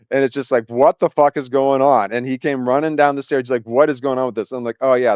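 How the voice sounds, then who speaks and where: A man's voice: mid-range voice, a little mellow, smooth, no echo, lo-fi sound. A man telling a workplace story in a casual monologue, swearing freely, laughing often and acting out the voices of the people in it.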